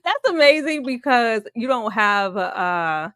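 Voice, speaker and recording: A woman's voice: a little high, big pitch swings, slow pace, a bit bright, clean tone, no echo, studio quality. Bubbly woman hosting a live stream. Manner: bubbly, laughs often, greets viewers by name. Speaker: host of a live movie-review stream. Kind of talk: casual live-stream chat.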